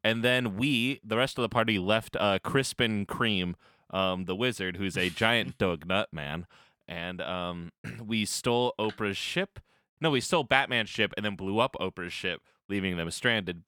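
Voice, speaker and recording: A man's voice: fairly low pitch, a little slow, pushed and bright, clean tone, no echo. A man giving a goofy, playful recap as a player in a tabletop game. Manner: goofy, playful, puts on silly voices in quotes.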